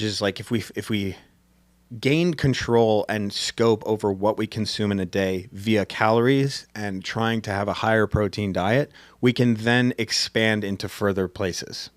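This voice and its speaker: A man's voice: fairly low pitch, no room sound. A man hosting a podcast, talking casually and rambling with restarts. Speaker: podcast host. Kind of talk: casual conversation.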